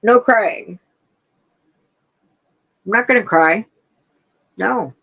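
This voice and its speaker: Woman livestream host, chatty and unhurried, answers viewer comments, lo-fi stream sound. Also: medium pitch, gravelly. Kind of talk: casual livestream chat. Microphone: streaming setup with laptop.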